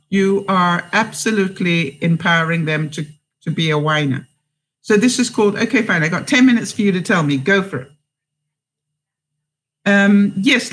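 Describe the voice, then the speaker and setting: A woman's voice: medium pitch, low-quality recording. Woman, live-stream host, reads viewer comments aloud, encouraging advice, rambling, many fillers and restarts. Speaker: vlogger and host.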